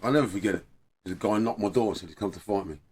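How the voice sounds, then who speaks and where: A man with a low voice tells a story from his youth for a documentary. He is wry and matter-of-fact, and punctuates his points with a shrugging "hey". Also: rapid-fire, darkish tone, breathy edge. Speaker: interviewee. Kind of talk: documentary interview recollection.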